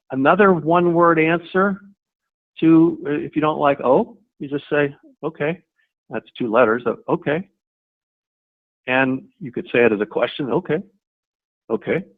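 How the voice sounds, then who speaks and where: Male sales trainer, mid-pitched, conversational webinar delivery with restarts, heard through a tinny phone-like line. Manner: conversational, repeats words and restarts, models short replies. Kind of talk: webinar presentation. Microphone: webinar audio line.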